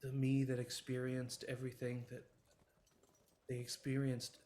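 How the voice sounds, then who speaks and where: A man's voice: mid-range voice, completely flat delivery, measured pace, warm tone, slight background noise, natural voice. A man voicing a returned grown child in a tabletop game, speaking in a subdued, hesitant, apologetic way.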